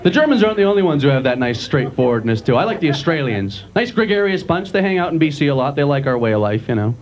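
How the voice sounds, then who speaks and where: A man doing a stand-up comedy set on a club stage, lively and quick to slip into silly accents. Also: fairly high pitch. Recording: dull lo-fi live club recording. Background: audience laughter and room noise.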